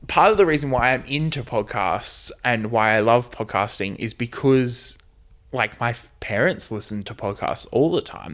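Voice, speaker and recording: A man's voice: medium pitch, fairly bright tone. An Australian man hosting a podcast in casual chat, rambling and leaning on "like" and "you know". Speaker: podcast host.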